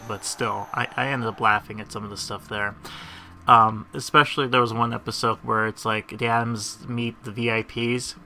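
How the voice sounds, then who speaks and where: A man's voice: mid-range voice, bright, forceful tone, slight background noise. A man giving rambling, casual commentary over a video game, chuckling between tangents. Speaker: gamer.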